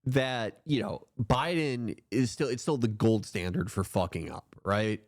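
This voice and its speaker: A man's voice: lowish voice, a little slow, no room sound, studio quality. A man co-hosting a stream, chatting casually and sarcastically with rambling restarts. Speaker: stream co-host. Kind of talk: casual comedic chat.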